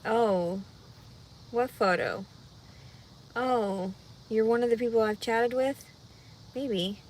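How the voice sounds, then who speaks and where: A heavily pregnant woman chatting casually with viewers on a livestream, rambling and anxious, her voice jumping into loud high cries when she gets upset. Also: a little hiss or hum. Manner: rambling, talks through her worries out loud. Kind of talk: casual live chat.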